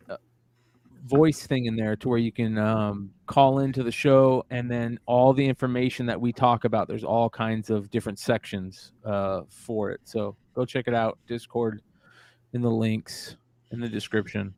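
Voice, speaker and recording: A man's voice: medium pitch, fairly even intonation, unhurried, vocal fry, darkish tone. A man hosting a casual podcast, steering topics with hesitant ums and uhs. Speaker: podcast host.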